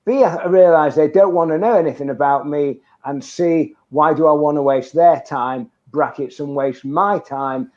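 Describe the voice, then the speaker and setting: Older guy telling networking stories, lively, mellow voice, lo-fi muffled sound. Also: a little high, moderate pace, hardly any pauses. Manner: lively, anecdotal, emphatic. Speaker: guest, networking trainer. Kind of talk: conversational interview. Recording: dull lo-fi sound.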